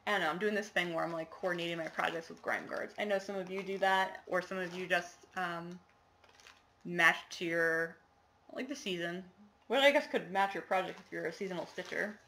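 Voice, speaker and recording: A woman's voice: lowish voice, fairly even intonation, fairly quick, bright, forceful tone, a little hiss or hum. A woman chatting casually to the camera in a show-and-tell video, rambling with lots of fillers and apologies. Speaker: cross-stitch vlogger.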